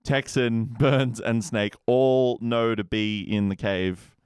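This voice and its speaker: A man talking as a guest on a review podcast, chatty with quick asides. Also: medium pitch, steady tone, darkish tone, a little hiss or hum. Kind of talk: casual review chat.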